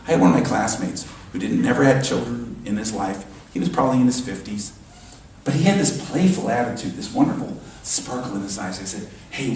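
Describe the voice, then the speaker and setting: A man delivering a sermon as a minister, animated and emphatic, often repeating his phrases. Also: medium pitch, slight background noise. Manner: animated, emphatic preaching with repetitions. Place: church sanctuary. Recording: echoey church hall from far off.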